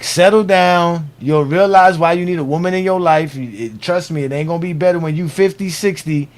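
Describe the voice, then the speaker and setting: A man's voice: a little high, brisk. A man from Miami hosting a live sports stream, talking in a loose, slangy, casual way. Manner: loose, animated, slangy sign-off talk. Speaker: host of a live sports show.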